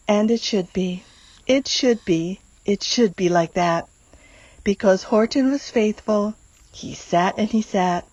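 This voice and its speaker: A woman volunteer reading a rhyming children's storybook aloud in an expressive, sing-song way. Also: medium pitch, takes it slowly, no room sound, highs cut off. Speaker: volunteer reader.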